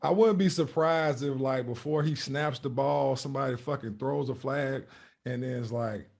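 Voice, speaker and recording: A man's voice: mid-range voice, normal speed, vocal fry, darkish tone. A man co-hosting a casual sports podcast, talking emphatically with heavy profanity and filler phrases. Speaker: podcast co-host.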